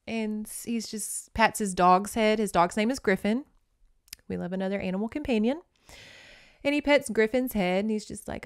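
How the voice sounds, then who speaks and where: A woman's voice: medium pitch, moderate pace, smooth, no room sound, clean studio sound. A woman podcast host recapping a novel in a chatty, giggly, playful way. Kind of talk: casual chat, recapping a novel.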